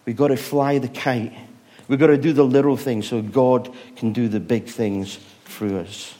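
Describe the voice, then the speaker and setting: A man preaching a sermon, retelling stories with rhetorical questions, moving between loud bursts and hushed moments. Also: mid-range voice, fairly even intonation, measured pace.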